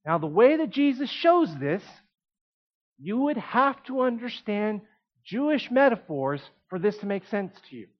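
A man preaching a sermon in an animated, conversational way, with emphatic asides. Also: sits high, a little slow, muffled recording.

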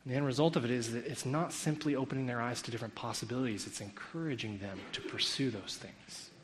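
Animated man telling a story. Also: medium pitch. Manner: acts out quotes, sarcastic. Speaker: speaker critiquing a school curriculum.

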